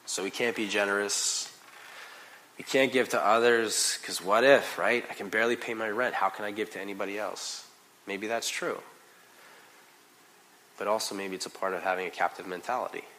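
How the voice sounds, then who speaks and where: A man preaching a sermon in a casual, conversational way, full of "like" and "you know", swinging from quiet asides to loud, emphatic bursts. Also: lowish voice, moderate pace, a little hiss or hum, poor audio. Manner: animated, conversational preaching with big swings in loudness. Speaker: pastor.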